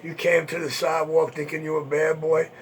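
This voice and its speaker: A man's voice: fairly high pitch, completely flat delivery, fairly quick, soft background music. A man hosting an internet radio show, taunting and boasting in a profane monologue.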